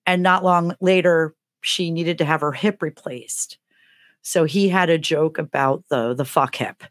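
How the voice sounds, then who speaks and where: Middle-aged woman, podcast co-host, lowish voice, animated comic storytelling, dry close sound. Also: a little slow, no echo. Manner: animated, acts out the voices in her stories. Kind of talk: casual comedic storytelling.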